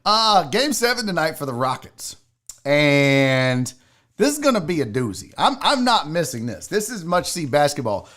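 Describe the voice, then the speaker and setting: A man hosts a live sports stream, reading chat and ranting with plenty of profanity. His voice sits high for a man and swings widely in pitch. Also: sing-song, moderate pace, a bit bright. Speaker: host of a live sports show.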